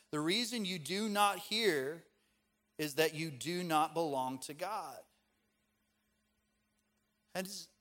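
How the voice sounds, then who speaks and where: This is a male pastor giving a sermon in a relaxed, conversational way. He slips personal stories in between points and leans on casual fillers. His voice sits a little higher than most men's.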